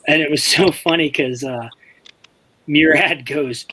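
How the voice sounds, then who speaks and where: A man's voice: on the high side, unhurried, bright, forceful tone, poor audio. A man on a podcast, telling rambling, profane stories in casual chat and laughing as he goes. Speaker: podcast co-host. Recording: faint background noise.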